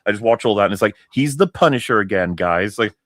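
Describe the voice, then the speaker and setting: Blunt, sarcastic man with a lowish voice. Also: lively intonation, fast, no echo, studio quality. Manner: blunt, sarcastic, swears, laughs a lot. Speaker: podcast co-host. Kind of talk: casual chat.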